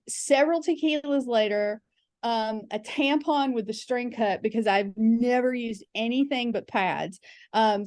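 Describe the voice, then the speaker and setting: A guest comedian on a podcast, this woman tells frank, chatty comic stories packed with filler words and quoted voices. Her mid-range voice has a darkish tone, recorded as clean studio sound with no echo.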